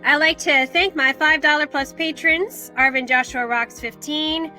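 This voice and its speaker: A woman's voice: high-pitched, fairly even intonation, measured pace, bright, forceful tone, soft background music. An American woman hosting a podcast in a chatty, self-deprecating casual manner. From United States. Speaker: podcast host. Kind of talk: casual solo podcast talk.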